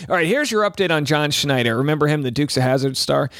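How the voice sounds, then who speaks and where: A man's voice: a little high, expressive, fast talker, a bit bright, dry recording, studio quality. Wisecracking man hosting a news show. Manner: joking asides, rambling and self-correcting. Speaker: comedy news show host. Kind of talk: comic news commentary.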